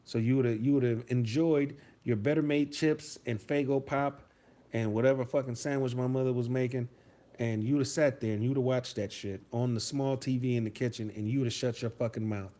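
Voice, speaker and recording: A man's voice: mid-range voice, steady tone, normal speed, warm tone. A man from Detroit hosting a live stream, reading out chat messages and answering them in a rambling, profane, mocking way. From Detroit, USA.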